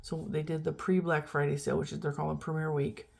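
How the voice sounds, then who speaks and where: A middle-aged woman with a low, deep voice chatting casually to camera. She rambles along and pokes fun at herself. She sounds worn out and keeps yawning between thoughts. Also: little pitch movement, fast, gravelly, darkish tone. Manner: rambling, chatty, self-deprecating. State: tired, yawning. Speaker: vlogger. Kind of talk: casual chat.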